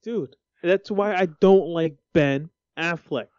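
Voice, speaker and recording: A man's voice: fairly high pitch, slow, darkish tone, smooth, no room sound, highs cut off. A man chatting casually about movies, bluntly complaining and swearing.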